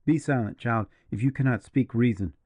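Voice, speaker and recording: A man's voice: medium pitch, moderate pace, a little mellow, no room sound, lightly acted. A man voicing an anxious young lieutenant. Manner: curt and anxious.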